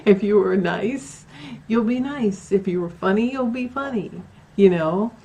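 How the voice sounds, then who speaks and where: Speaking a little slowly, this woman has a warm, mid-range voice. She's a paranormal vlogger at home near a bedroom, casually recounting her own supernatural experiences to camera in a chatty style full of fillers and acted-out quotes.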